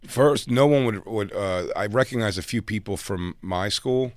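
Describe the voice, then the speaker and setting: A middle-aged man telling a story in casual chat as podcast co-host, crude and joking with quick banter. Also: fairly low pitch, dry recording, studio quality.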